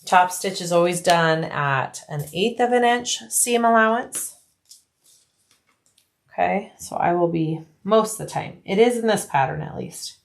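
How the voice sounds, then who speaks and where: A woman with a slightly low voice walks through a sewing project step by step. She sounds relaxed and practical, thinking aloud with plenty of ums as she works. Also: unhurried, gravelly. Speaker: bag-making tutorial host. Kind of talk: casual sewing tutorial narration.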